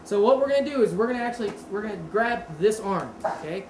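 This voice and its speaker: A woman's voice: mid-range voice, fast. A woman teaching a martial arts seminar, talking casually, quizzing the class and correcting herself. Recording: roomy echo with steady background noise.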